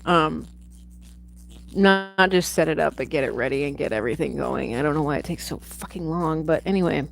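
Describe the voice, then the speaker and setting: Reviewing a film on her home livestream, a woman chats casually, drifts into digressions, and swears now and then. Her voice sits low with vocal fry, she talks a little fast, and faint music plays behind a rough recording.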